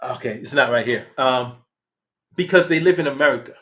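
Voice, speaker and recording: Middle-aged man hosting a livestream, blunt and animated, medium pitch. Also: fairly quick. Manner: candid, animated, uses slang and swears. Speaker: channel host. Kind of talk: casual livestream commentary.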